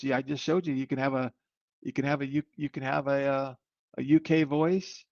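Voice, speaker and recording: A man hosting a live webinar, demoing software in an upbeat, rambling sales manner. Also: fairly high pitch, fairly even intonation, moderate pace, no room sound. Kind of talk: live online product demo. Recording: slightly muffled dry audio.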